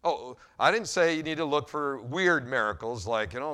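A male pastor preaching a sermon and telling a story in an animated way, with wide swings in loudness. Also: medium pitch, normal speed, smooth.

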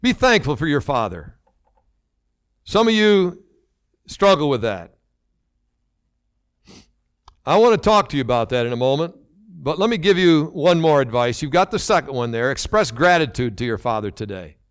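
A man's voice: fairly high pitch, lively intonation, fairly quick, clean tone, no room sound, studio quality. An older man preaching a sermon as pastor, earnest and repeating phrases for emphasis.

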